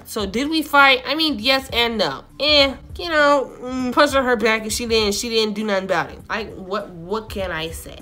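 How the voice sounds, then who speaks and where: Young woman vlogger, animated slangy storyteller, bright, slightly high voice. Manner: animated, slangy, acts out quotes. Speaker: YouTuber. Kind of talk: casual storytime.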